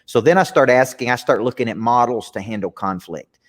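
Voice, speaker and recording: A man's voice: mid-range voice, fairly quick, in a large hall. A man, talking earnestly and reflectively as a guest coach in a candid interview, often restarting his sentences. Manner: earnest, reflective, repeats words when starting sentences.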